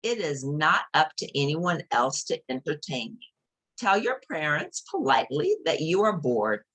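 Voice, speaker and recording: A woman reading a children's picture book aloud, gently explaining each page to young listeners. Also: low-pitched.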